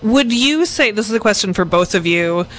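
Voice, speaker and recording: A woman hosting a podcast, interviewing guests with eager, quick questions. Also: medium pitch, animated, a bit bright. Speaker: podcast host.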